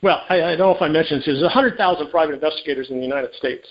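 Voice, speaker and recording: A man, a private investigator, telling a case story in an interview, lively and full of restarts, acting out dialogue. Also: on the high side, racing. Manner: animated, acts out quoted dialogue, many restarts. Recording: dull lo-fi audio.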